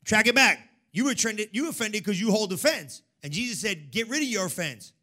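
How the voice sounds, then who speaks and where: A man preaches to his church with a high, ringing voice. He calls out to the congregation and drops to a hush before rising back into loud, sing-song exhortation. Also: expressive, fairly quick. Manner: call-and-response preaching, swings from hushed to shouting. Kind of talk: energetic sermon.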